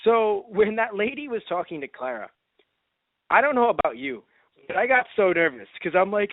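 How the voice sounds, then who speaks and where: A man with a high-pitched, expressive voice speaks at a moderate pace as co-host of a casual fan review podcast, with no room sound. The audio is dry and lo-fi, almost like a phone, and he's animated, acting out reactions and laughing frequently.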